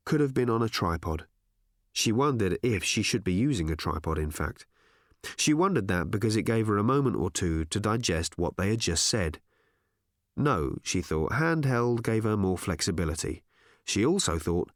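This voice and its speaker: Man narrating with a lively, expressive lilt. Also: lowish voice, moderate pace, dry recording, studio quality. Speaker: audiobook narrator. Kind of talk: audiobook narration.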